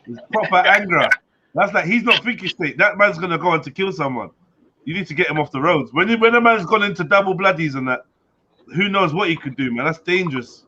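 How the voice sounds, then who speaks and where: A man hosts a casual live stream, full of jokes and banter. His voice is bright and forceful, sitting a little high. The audio is dull and lo-fi, with a faint hiss underneath. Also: lively intonation, a little fast. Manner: joking, banter-heavy, mimics voices loudly. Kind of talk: casual chat.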